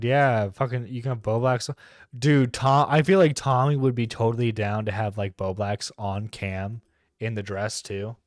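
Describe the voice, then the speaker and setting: A man's voice: mid-range voice, dry recording, clean studio sound. Give me a profane, rambling male streamer. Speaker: internet radio host. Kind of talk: casual live-stream commentary.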